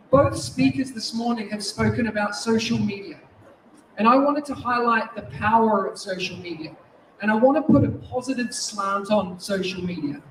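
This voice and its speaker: A man in his forties with a New Zealand accent and a notably high voice gives a restless, energetic keynote to a conference audience. He sounds distant from the mic, and the large hall rings with echo behind him. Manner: lively, restless, moves around while talking. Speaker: keynote speaker. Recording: echoey hall, distant mic, faint noise.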